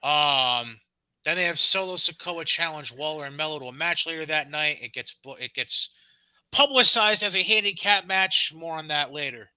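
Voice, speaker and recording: A man's voice: a little high, animated, moderate pace, pushed and bright, clear, resonant tone, no echo, poor audio. A man co-hosting a podcast, casually recapping wrestling shows with sarcastic, dismissive asides and frequent ums. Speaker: podcast co-host.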